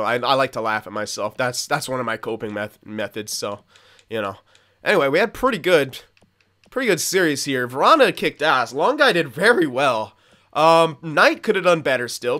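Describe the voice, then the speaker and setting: A man's voice: medium pitch, bright, forceful tone. A young man in his twenties giving casual, candid commentary over a video game, rambling, swearing often and laughing at himself. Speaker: gaming channel host.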